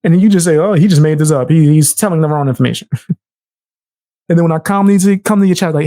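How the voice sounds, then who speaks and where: A young streamer man with a fairly high voice and a New York accent, talking bluntly and heatedly with frequent laughs and swearing. The sound is dry and close, with no room around it. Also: fast talker, mellow, dry recording. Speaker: streamer reacting to clips. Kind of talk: casual live-stream commentary.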